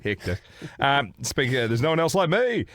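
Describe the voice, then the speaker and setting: A man's voice: mid-range voice, big pitch swings, moderate pace, fairly bright tone, slight background noise. Joking sweary man reading out a list. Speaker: podcast co-host. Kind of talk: casual podcast chat.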